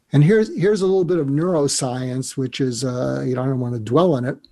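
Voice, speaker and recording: A warm, slightly high male voice moves fairly quickly with few pauses. The speaker is a psychiatrist on an interview show, earnest and reflective, explaining things step by step, and he gets emotional recalling a mentor.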